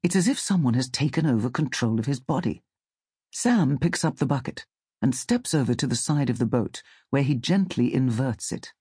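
A man reads a story aloud in a calm, measured audiobook style. His voice sits at a middle pitch with a slightly breathy texture. The close mic leaves the sound dry, with no room around it. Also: no echo. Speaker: narrator. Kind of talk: scripted audiobook narration.

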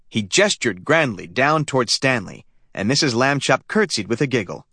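Male audiobook narrator, animated storytelling, dry studio. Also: medium pitch, moderate pace, gravelly, hardly any pauses, no echo. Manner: lively storytelling. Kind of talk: scripted narration.

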